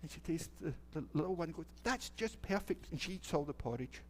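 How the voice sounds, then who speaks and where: A middle-aged minister from Scotland tells a children's story in a church sanctuary, chatty and playful, asking the kids questions as he goes. His voice is fairly high and a little mellow, and he talks fast.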